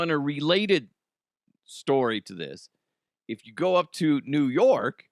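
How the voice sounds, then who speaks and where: A man's voice: mid-range voice, fairly bright tone, no echo, studio quality. An American man in his thirties hosting a comedy news show, chatting casually, swearing and laughing at his own jokes. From United States.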